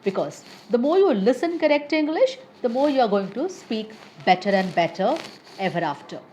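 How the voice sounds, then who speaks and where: Lively-voiced woman teaching English. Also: fairly high pitch, slight background noise, poor audio. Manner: slow, deliberate word-by-word listing. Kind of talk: lesson.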